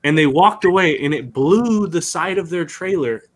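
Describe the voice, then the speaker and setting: A man's voice: on the high side, moderate pace. A man telling a rambling, profane story in casual podcast chat, laughing as he goes. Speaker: podcast co-host.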